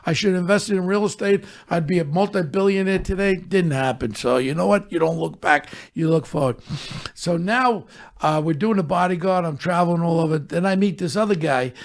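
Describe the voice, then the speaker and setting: A gravelly older man spins his own war stories with blunt profanity. His voice sits high for a man, with a rough, crackly edge. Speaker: storyteller on his own podcast. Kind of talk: casual storytelling.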